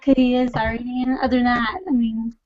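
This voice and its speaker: A woman's voice: fairly high pitch, flat delivery, fairly quick, crowd noise. A woman from Pakistan, a podcast guest, rambling through casual stories with many fillers. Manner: rambling, giggly, lots of fillers. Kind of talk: casual chat. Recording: dull lo-fi sound, dry room.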